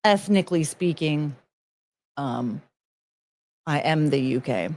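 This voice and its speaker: A woman in her forties chatting casually on a livestream, rambling and excitable, swearing freely, with sudden loud outbursts. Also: low voice, slow pace. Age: 40s. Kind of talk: casual livestream chat reading viewer messages.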